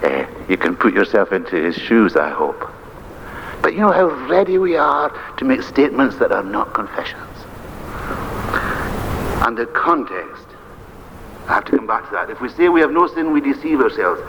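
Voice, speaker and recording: A man's voice: mid-range voice, very animated, normal speed, pauses often, fairly bright tone. An older man, a minister preaching an earnest, emphatic sermon. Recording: dull lo-fi archive recording with faint hiss.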